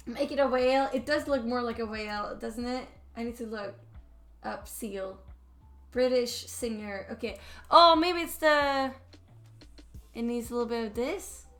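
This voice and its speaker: A woman's voice: on the high side, fairly bright tone. A young Swedish woman with a Swedish accent, chatting casually and rambling while she draws on a stream. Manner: chatty, rambling with restarts and fillers. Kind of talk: casual chat while drawing. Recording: faint music behind.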